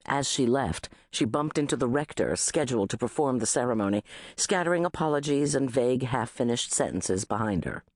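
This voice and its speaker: A woman reading a first-person novel as an audiobook narrator, expressive and wry. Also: extremely low pitch, brisk, no room sound, studio quality.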